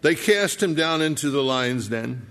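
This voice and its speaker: A man preaching a sermon, his pitch sitting in the middle of the male range. He retells a scripture story casually, slipping into the characters' lines and asides to the congregation. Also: lively intonation, unhurried, fairly bright tone, slight background noise. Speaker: pastor.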